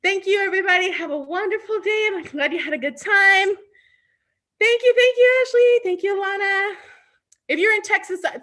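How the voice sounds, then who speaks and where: A woman's voice: extremely high pitch, sharp tone. A woman youth services librarian hosting a live online storytime, coaxing and talking directly to young children.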